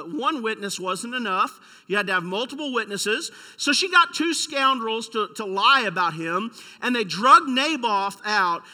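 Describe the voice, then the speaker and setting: A man preaching with a high, very bright voice, pressing his points with rhetorical questions and storytelling. A long hall reverb trails each phrase. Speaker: pastor. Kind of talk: sermon.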